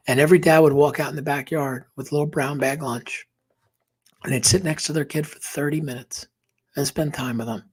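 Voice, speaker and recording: A man tells his story as a podcast guest, his voice husky and a touch breathy. He speaks earnestly and with emotion, sinking into a near-whisper at the most tender moments. His pitch sits in an ordinary middle range. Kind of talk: personal storytelling in an interview.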